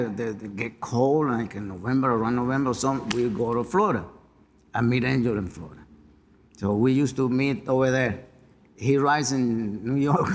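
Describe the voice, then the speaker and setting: A man, a retired jockey on a panel, recalling his career in an unhurried way. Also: mid-range voice, long reverb tail. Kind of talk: anecdotal panel talk.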